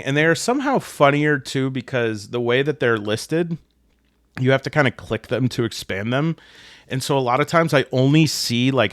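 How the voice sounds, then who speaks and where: A man's voice: mid-range voice, dry recording, clean studio sound. An American man hosting a solo tabletop gaming channel, chatting to camera in a joking, self-deprecating way and dropping into silly voices for quotes. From United States. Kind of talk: casual chat to camera.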